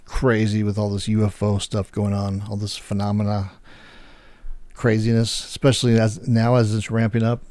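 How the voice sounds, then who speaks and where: A man's voice: lowish voice, warm tone, no echo. A man hosting, chatting casually and rambling with many fillers as he searches for words. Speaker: host. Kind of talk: casual chat.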